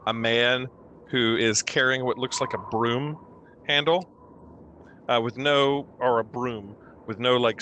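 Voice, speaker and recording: A young man narrating as game master, animated and playful as he sets the scene. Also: medium pitch, slight background noise.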